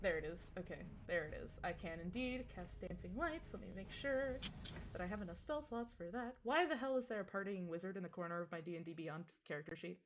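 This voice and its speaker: A woman playing a tabletop game, narrating her character's actions in a chatty, excitable way. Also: on the low side, quick pace, faint music behind. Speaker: player.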